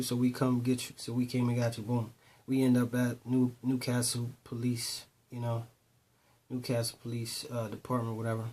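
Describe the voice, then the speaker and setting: A dark-toned man casually tells street stories to young listeners. Conversational, he retells dialogue in voices and keeps repeating "boom."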